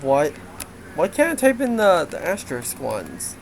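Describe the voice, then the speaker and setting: A man's voice: on the high side, wildly swooping pitch, a little slow, creaky, slight background noise, poor audio. Rambling, giggly young game developer man. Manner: rambling, laughs often, many fillers. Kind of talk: casual development update commentary.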